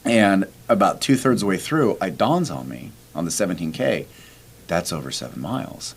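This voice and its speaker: Low-voiced man, podcast host, casual animated storytelling, acts out quotes. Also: moderate pace, gravelly, a little hiss or hum.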